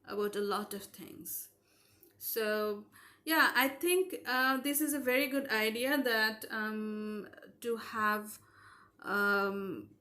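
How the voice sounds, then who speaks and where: A young woman from Southeast Asia talks through her live painting session in a loose, wandering way. She is frank and speaks her mind between thoughts. Her voice sits a little on the high side. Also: fairly bright tone. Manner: rambling and frank. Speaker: digital artist streaming live. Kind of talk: casual chat while painting.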